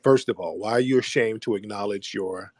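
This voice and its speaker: A man hosting a call-in audio show, arguing forcefully with callers, repeating himself and cutting them off. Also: lowish voice, fairly quick, no room sound, clean studio sound. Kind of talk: argumentative call-in talk.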